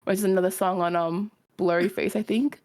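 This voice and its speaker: A woman's voice: medium pitch, fairly even intonation, brisk, a little mellow. A woman co-hosting a stream, casually chatting and telling a story, acting out quotes and laughing often. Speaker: stream co-host. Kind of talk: casual chat while drawing.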